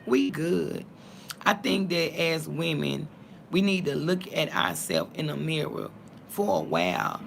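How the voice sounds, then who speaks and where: A woman vlogger, talking bluntly to her viewers, cursing and swinging between calm and heated. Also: sits low, measured pace, creaky, slight background noise. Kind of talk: casual talk to viewers.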